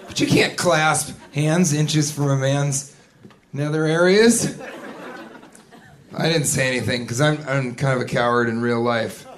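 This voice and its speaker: A man doing a stand-up comedy set, telling a story in a deadpan way and now and then breaking into a shrill put-on voice. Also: unhurried, a faint crowd. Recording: live club recording with audience and noise. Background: audience laughter.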